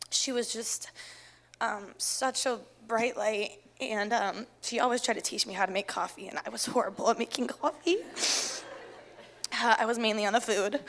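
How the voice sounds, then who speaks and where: A young woman giving a short, hesitant memorial tribute at a gathering, pausing on many fillers. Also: mid-range voice, fairly bright tone. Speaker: memorial speaker.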